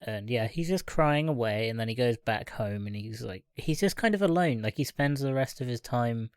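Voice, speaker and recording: A man's voice: mid-range voice, expressive, normal speed, smooth, no echo. A man co-hosting a film podcast, retelling the plot in a laid-back way and laughing along. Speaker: podcast co-host.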